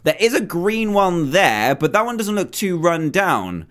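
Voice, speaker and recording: A man giving excitable, chatty commentary over his own gameplay, with frequent exclamations. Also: high-pitched, measured pace. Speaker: gaming video host. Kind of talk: let's play commentary.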